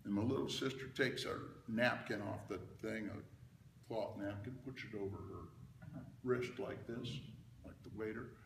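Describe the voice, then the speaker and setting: An older man telling a lively story from his childhood to an audience, often checking in with "okay?". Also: on the low side, a little slow, a little hiss or hum. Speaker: speaker giving a talk. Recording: roomy hall, mic at a distance.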